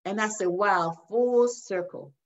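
An older woman minister sharing her testimony in a faith interview, telling it with lively storytelling and acting out the voices. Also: mid-range voice, slow pace. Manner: animated storytelling, acts out voices, addresses listeners as y'all. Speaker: guest minister. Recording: dull lo-fi sound.

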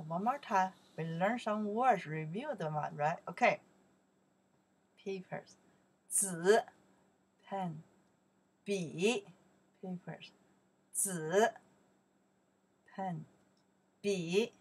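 Slow, breathy woman teacher. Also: on the low side. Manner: slow, repeats each word, swings up loudly on the Chinese words. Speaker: Chinese teacher. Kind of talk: vocabulary lesson.

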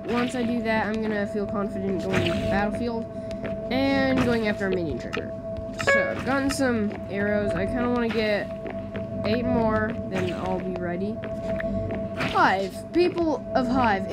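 A woman giving chatty, excitable commentary while playing a video game, often breaking off mid-sentence. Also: on the high side. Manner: chatty, excitable, self-interrupting. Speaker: gamer, channel host. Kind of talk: casual gaming commentary. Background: loud game music.

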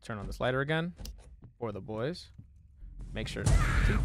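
A young man streaming a horror game demo, swearing and reacting, shifting between low muttering and sudden yelling. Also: expressive, unhurried, gravelly, slight background noise. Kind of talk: live gaming commentary.

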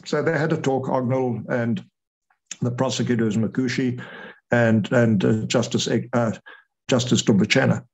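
Older male guest, retired officer type, lively storyteller who acts out the voices in his tale, average pitch. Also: a little slow, creaky, slightly rough, rough recording. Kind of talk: storytelling interview.

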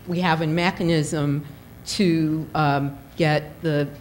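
A woman's voice: sits low, steady tone, takes it slowly, slight background noise, low-quality recording. A woman official answering audience questions at a forum, hedging with many "you know" fillers. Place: public forum.

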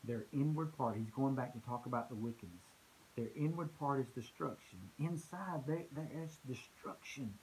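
A man's voice: mid-range voice, moderate pace, a little mellow, a little hiss or hum, poor audio. A man preaching a conversational sermon in church, earnest, often repeating words as he restarts a thought.

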